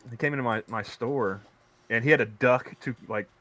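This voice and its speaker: A man's voice: medium pitch, normal speed, pushed and bright. A man co-hosting a casual podcast chat, rambling through stories with many restarts. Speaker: podcast co-host; convenience store worker.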